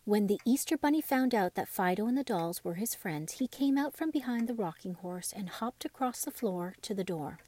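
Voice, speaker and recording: A woman reading a classic children's story aloud as a bedtime story, gentle and expressive. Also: medium pitch, normal speed, few pauses, dry recording.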